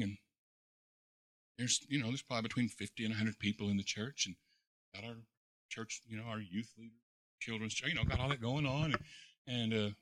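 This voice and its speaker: A man, a pastor, preaching a sermon in a folksy storytelling way, full of repeated words and fillers, moving between quiet reflection and loud, excited preaching. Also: mid-range voice, no room sound, studio quality.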